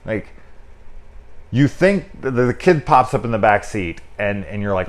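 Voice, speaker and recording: A man with a deep, low voice talks through a movie in a loose, unscripted review. He rambles and restarts, peppers his talk with "like," and swears casually as he goes. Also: moderate pace. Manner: rambling, loose and candid with frequent swearing and filler "like". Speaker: film reviewer. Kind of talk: casual spoken film review.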